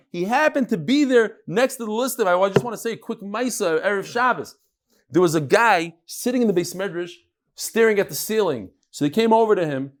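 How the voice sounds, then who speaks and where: A middle-aged man giving a Talmud lecture, reading the text aloud and retelling stories in an animated way. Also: sits high. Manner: animated, quick storytelling with Hebrew-Aramaic reading. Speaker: Talmud teacher.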